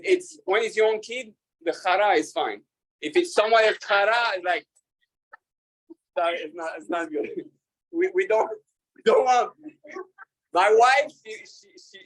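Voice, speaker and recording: Halting, joking rabbi speaking to a group. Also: male voice, high-pitched, rough recording. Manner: halting, with many fillers and restarts; laughs at his own jokes. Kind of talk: casual talk to an audience.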